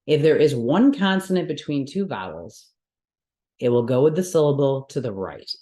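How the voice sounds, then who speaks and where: A woman's voice: rumbling low, lively intonation, normal speed, dark tone. Patient woman teacher in a roomy space. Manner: patient step-by-step explaining, frequent check-ins with the class. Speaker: yoga and Sanskrit teacher. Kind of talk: teaching a mantra workshop. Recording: roomy echoey room.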